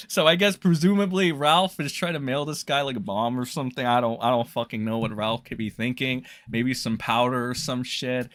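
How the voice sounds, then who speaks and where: A man's voice: medium pitch, moderate pace, hardly any pauses, a bit bright, no room sound. A man ranting in a casual commentary, profane, scornful and rambling.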